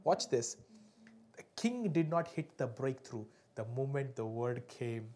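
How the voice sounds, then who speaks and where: A man preaches a sermon. His delivery jumps between loud emphatic peaks and hushed, slowed phrases. He keeps checking in with the congregation for answers. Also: medium pitch, expressive. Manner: asks the congregation for responses. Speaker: pastor.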